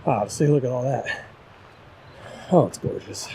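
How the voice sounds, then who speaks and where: A man's voice: medium pitch, lively intonation, moderate pace, dark tone. A young man chatting to viewers while hiking a rocky trail, out of breath, self-deprecating and talkative, recorded outdoors on a camera-mounted mic. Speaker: hiking vlogger. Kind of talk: casual vlog narration while hiking. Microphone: camera-mounted shotgun mic. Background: wind.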